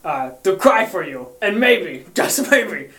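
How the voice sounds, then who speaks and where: Man, high voice, bright tone, giggly, playful comedy banter. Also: sing-song, takes it slowly. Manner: giggly, playful, keeps laughing mid-sentence. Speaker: comedic podcast host.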